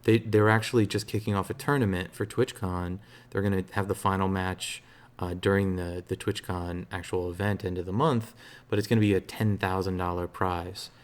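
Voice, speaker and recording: A man streaming games, chatting casually in a relaxed, rambling way with a soothing voice and lots of fillers. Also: deep voice, moderate pace. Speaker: game streamer. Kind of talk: casual live-stream chat.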